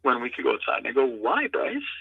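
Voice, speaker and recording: A man's voice: medium pitch, flat delivery, gravelly, no echo. Earnest man on a tinny phone line. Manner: earnest, halting, heartfelt. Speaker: guest, founder of an adaptive lacrosse program. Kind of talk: interview storytelling. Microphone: remote call-in.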